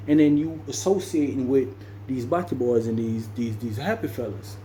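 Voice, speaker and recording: A man's voice: medium pitch, moderate pace, mellow, slight background noise. A man from Jamaica telling a story in a slangy, loose, rambling conversational way. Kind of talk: casual storytelling.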